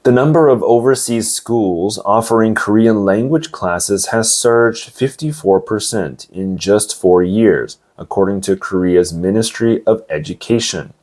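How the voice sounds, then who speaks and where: Man, English teacher, low voice, news vocabulary lesson, explains and checks understanding. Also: a little mellow. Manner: explains words slowly, adds asides and checks.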